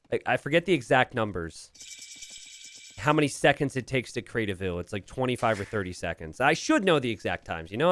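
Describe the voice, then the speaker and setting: A young man from Pennsylvania, USA, casts a strategy game on a live stream, rambling casually and chatting with his viewers. His voice sits in the mid range with a slightly bright quality.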